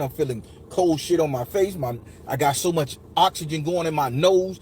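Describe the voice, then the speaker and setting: A man in his forties recounts a personal memory in a raw, emotional, heavily profane way, often calling out to his listeners directly. His voice sits fairly high for a man. Faint noise runs behind him. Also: lively intonation, moderate pace, few pauses, a little mellow. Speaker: podcast storyteller. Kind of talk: casual storytelling.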